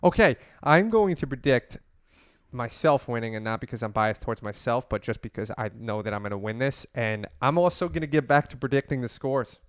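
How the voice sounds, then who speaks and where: A man's voice: medium pitch, expressive, fairly quick, clear, resonant tone, no echo, studio quality. A man hosting a casual fantasy football podcast, loose and joking, swearing freely. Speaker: podcast host.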